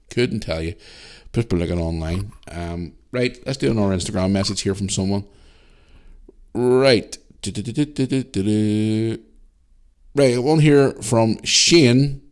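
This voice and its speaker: A middle-aged man with a Northern Irish accent hosts a solo podcast. He talks in a loose, rambling, chatty way, working through listener messages. His voice sits a little low. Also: creaky, darkish tone. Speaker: podcast host. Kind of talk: casual solo podcast chat.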